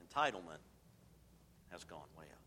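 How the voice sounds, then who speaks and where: Emphatic preacher in a reverberant hall. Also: male voice, sits low, very animated, moderate pace, slight background noise. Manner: emphatic preaching, swings from loud to hushed. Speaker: pastor. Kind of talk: sermon.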